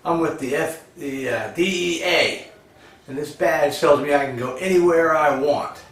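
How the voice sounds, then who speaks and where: Man putting on brash lawman, cocky bark turning to a high shriek, far off in an echoey room. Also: normal speed, fairly bright tone. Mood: swaggering. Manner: swaggering, then shrieking in panic. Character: cocky male federal agent, panics. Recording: echoey, distant, faint crowd.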